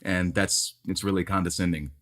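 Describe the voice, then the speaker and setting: A baritone man talking in a low register, animated and emphatic. He speaks candidly as an actor in conversation and often repeats words while building his argument. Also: normal speed. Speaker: stage actor.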